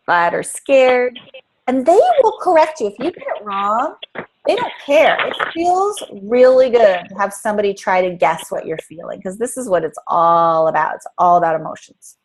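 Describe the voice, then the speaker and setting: A middle-aged woman, a parenting life coach, talks to parents in a casual, animated way and laughs between her points. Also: fairly high pitch, poor audio.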